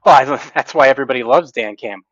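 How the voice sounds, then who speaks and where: A man's voice: mid-range voice, fast talker, crowd noise. A man co-hosting a casual sports podcast who talks emphatically, like a passionate fan. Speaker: podcast co-host. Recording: dull lo-fi recording.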